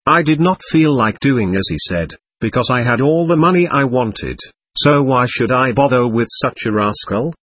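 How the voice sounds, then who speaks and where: A man reading aloud as an indignant, bewildered ghost who denies being dead, in a husky voice. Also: mid-range voice, expressive, normal speed, fairly bright tone. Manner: defiant, suspicious and bewildered. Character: indignant confused ghost of a dead adult, hostile.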